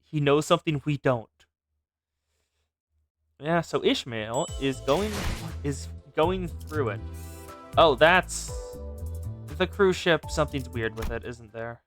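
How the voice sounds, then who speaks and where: Animated young streamer guy. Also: fairly high pitch, slow pace, pauses often. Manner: playful, animated, jokey. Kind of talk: casual let's-play commentary with read-aloud dialogue. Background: game music.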